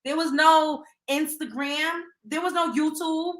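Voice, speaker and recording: A young adult woman hosting a casual gossip livestream, blunt and animated, swearing freely and acting out quotes as she gives her opinions. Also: sits high, measured pace, echoey room. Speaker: host of a celebrity gossip livestream.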